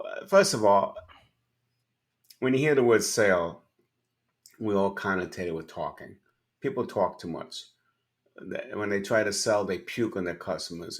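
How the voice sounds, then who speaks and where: Low-voiced man telling emphatic stories. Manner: emphatic, acts out dialogue in anecdotes. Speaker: podcast guest, sales and leadership speaker. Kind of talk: conversational interview storytelling.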